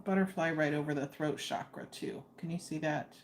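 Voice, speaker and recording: A woman's voice: deep voice, fairly even intonation, moderate pace. Chatty woman doing a tarot reading. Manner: chatty, distracted, coaxing her dog. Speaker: tarot reader. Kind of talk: casual spoken tarot reading.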